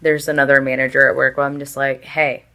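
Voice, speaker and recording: A woman's voice: rumbling low, little pitch movement, fast, bright, forceful tone. A young woman chatting candidly as a podcast guest, full of filler words and casual swearing.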